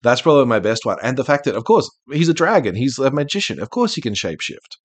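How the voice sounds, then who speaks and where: A man hosting a podcast in casual chat, talking in an animated, rambling way with frequent restarts. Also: mid-range voice, fast, no echo. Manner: rambling, animated, self-interrupting. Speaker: podcast host.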